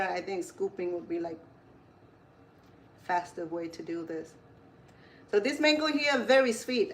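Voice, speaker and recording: A woman's voice: mid-range voice, a little hiss or hum. Chatty woman chef rambling through a recipe. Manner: chatty, rambling, corrects herself mid-sentence. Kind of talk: casual cooking demonstration.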